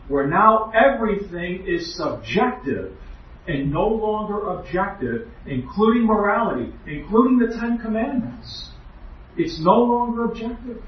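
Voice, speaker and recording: A preacher with a high, expressive voice delivers an earnest, emphatic doctrinal lecture, speaking a little slowly and posing rhetorical questions. The recording sounds distant and muffled, as if captured in an echoey hall.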